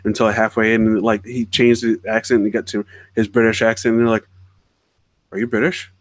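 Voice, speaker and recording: A man's voice: on the low side, flat delivery, a little fast, dry recording. A man co-hosting a casual podcast, telling anecdotes in a chatty way. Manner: chatty storyteller, laughs while telling anecdotes. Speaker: podcast co-host. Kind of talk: casual chat.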